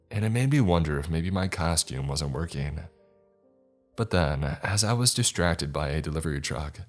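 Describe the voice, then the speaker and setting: A man with an extremely deep, low voice narrates a scripted horror-comedy story. His delivery is dry and sardonic, and faint music plays underneath.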